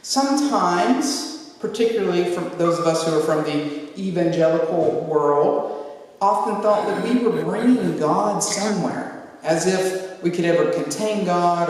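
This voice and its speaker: A woman pastor telling a humorous story in a sermon, acting out what people said in a lively way. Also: low-pitched. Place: large church sanctuary. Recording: echoey hall from far off.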